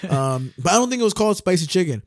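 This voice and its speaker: A man's voice: high voice, big pitch swings, quick pace, no echo, studio quality. A young man co-hosting a podcast in casual chat, laid-back and rambling, swearing and laughing often. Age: young adult. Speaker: podcast co-host.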